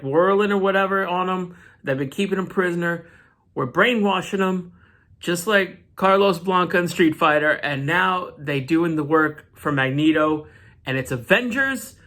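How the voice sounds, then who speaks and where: A man hosting a comic book channel, recapping an issue in casual, animated storytelling with side rants. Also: high voice.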